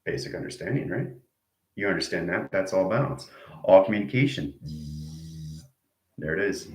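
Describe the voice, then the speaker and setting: Guy w a lowish voice rambling thru a spiritual lecture, lots of jargon, keeps saying right?, room echo. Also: animated, moderate pace, a little mellow. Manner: repetitive abstract jargon, checks in with "right?"; acts out arguing inner voices. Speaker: self-styled spiritual teacher.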